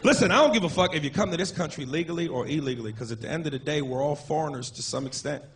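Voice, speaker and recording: A man doing a stand-up comedy set, brash and profane, telling animated stories on a club stage. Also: fairly high pitch, very fast. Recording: live club with loud crowd and noise.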